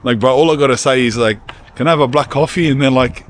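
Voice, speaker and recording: A man's voice: mid-range voice, fast talker. A man vlogging casually outdoors in a cold town, chatting in slang and calling people bro. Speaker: YouTuber and rapper. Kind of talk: casual travel vlog talk. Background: street and traffic sounds.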